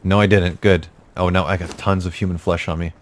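Low-voiced male gaming host, muttering jokey play-by-play with a light hiss behind. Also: level tone, a little fast. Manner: talks to himself, jokey, exasperated outbursts. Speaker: gaming YouTuber. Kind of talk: casual gameplay commentary.

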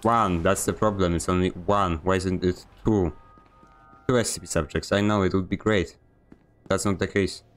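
A man's voice: low-pitched, fairly even intonation, normal speed. A man streaming a video game, giving a sarcastic, grumbling running commentary. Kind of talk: live gameplay commentary.

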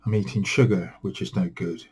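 A weary man talks to his camera at home, his voice low, dark and a little husky. He grumbles and mocks himself in a rambling, tired way. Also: fairly even intonation, fairly quick, rough recording. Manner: weary, self-deprecating, grumbling. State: tired, yawning. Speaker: vlogger. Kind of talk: rambling solo vlog.

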